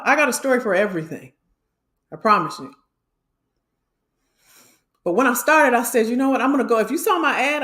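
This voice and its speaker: A woman's voice: a little high, echoey room. A middle-aged woman from Illinois, a career coach talking passionately to her livestream viewers and calling them y'all. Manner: passionate, preachy, addresses the audience as y'all.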